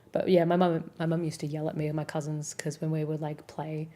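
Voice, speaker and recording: Low-voiced Australian woman streamer chatting. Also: mellow. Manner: rambling, filler-heavy, giggly. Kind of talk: casual chat with live chat.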